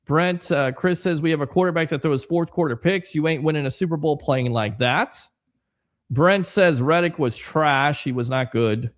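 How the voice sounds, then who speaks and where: A man's voice: a little high, moderate pace. A man hosting a casual sports livestream, chatting and reading viewer comments aloud with rambling asides. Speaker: sports podcast host.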